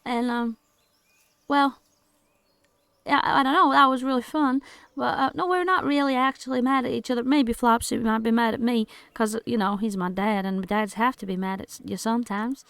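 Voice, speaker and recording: A woman's voice: fairly high pitch, fairly even intonation, moderate pace, a bit bright, clear, resonant tone, no room sound. A woman voicing a simple, puzzled male scarecrow who talks in a naive, earnest, hesitant way.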